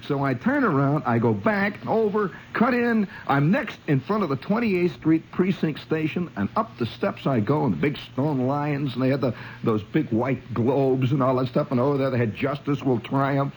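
A man from Indiana spins a long, rambling yarn, chuckling as he goes and turning to the listener with little asides. His pitch swoops lively up and down, and a faint room hum sits under his voice. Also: moderate pace, poor audio. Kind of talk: spoken storytelling monologue.

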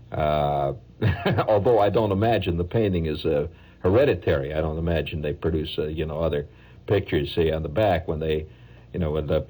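A man's voice: deep voice, mellow, husky, poor audio. A man telling a rambling, wry story in a casual way, full of asides. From New York.

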